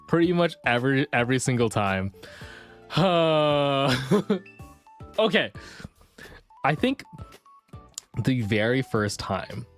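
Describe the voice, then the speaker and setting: This streamer vents through a casual chat stream, with a voice that swings up and down a lot and stays animated throughout. Faint music plays underneath the talk. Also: mid-range voice. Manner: animated ranting storyteller.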